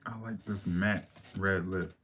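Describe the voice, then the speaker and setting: A man's voice: low-pitched, steady tone, a little slow, noisy background. A man hosting a makeup livestream, answering viewer questions in blunt, sassy casual chat.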